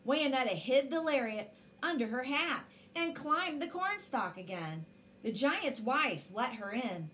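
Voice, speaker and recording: High bright lady doing a slow bedtime story, lots of ups and downs. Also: a little hiss or hum. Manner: expressive, animated storytelling.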